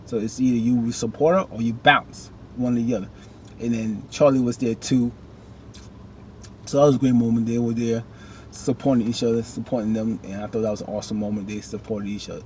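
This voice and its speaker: Animated man recapping a TV episode. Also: mid-range voice, fairly quick, slight background noise. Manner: animated, talks back to characters with rising outbursts. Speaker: TV recap vlogger.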